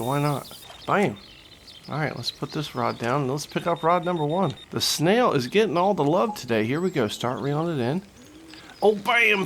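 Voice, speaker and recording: A man with a slightly raised, gravelly voice hosts a gaming video, calling the action with excitable, joking trash talk. Game music plays clearly under him. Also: fairly high pitch. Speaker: gaming channel host. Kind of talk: casual gameplay commentary.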